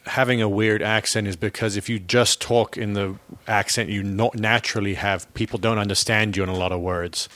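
A man with a slightly low voice, chatting easily with his bandmates as a podcast co-host. The sound is close and dry. He grew up in South Africa and shifts how he talks depending on who he's with. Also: fairly even intonation, brisk, few pauses, a bit bright, no echo. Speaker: podcast co-host, band member. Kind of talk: casual chat.

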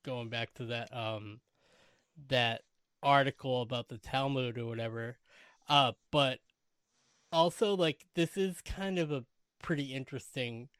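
A man's voice: mid-range voice, clear, resonant tone, no echo, studio quality. A man, chatting casually as a podcast co-host, laughing easily and quoting characters in playful voices. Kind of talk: casual chat recapping a TV episode.

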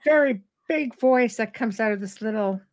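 A woman's voice: on the high side, normal speed. Middle-aged woman hosting a live show, big robust voice, chatty and laughing. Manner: robust, animated, laughs often. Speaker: radio show host. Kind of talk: casual live-show chat.

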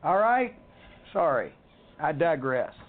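A man's voice: on the high side, very animated, slow pace. A middle-aged man, telling a heated, swearing story as host of a rant podcast. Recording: tinny phone-like audio.

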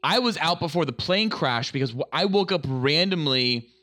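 A man co-hosting a casual podcast, excitable and rambling, swearing often. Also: on the high side, normal speed. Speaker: podcast co-host.

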